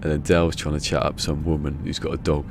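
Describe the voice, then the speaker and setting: A game streamer with a remarkably low, deep voice talks in a loose, rambling way, chuckling as he goes. A constant low rumble sits clearly behind him. It sounds like relaxed, unscripted chat during play. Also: fairly quick. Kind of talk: casual chat while gaming.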